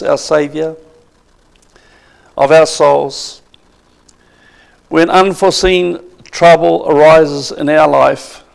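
A man's voice: on the high side, gravelly. A man preaching a sermon with emphasis, asking the congregation questions.

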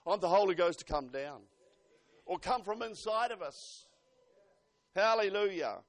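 A man preaching a fervent sermon to a congregation, swinging between loud exhortation and hushed asides. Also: sits high, expressive, a little slow.

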